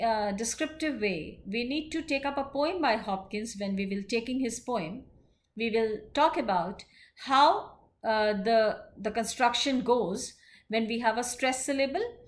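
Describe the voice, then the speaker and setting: A woman giving a literature lecture in a measured explaining manner, pausing often with fillers. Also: on the high side, a bit bright. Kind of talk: classroom lecture.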